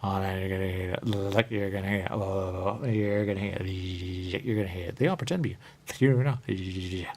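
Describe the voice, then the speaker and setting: This male radio show host has a low voice with a darkish tone and speaks at a moderate pace. His talk-show monologue is rambling and repetitive; he loops back on the same phrases, drifts into sing-song murmurs, and keeps saying "there you go."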